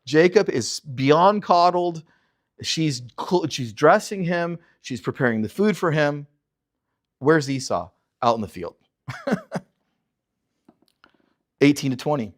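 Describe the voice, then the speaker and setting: Male pastor, verse-by-verse teaching, animated, rhetorical questions, fairly high voice. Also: slow, pauses often.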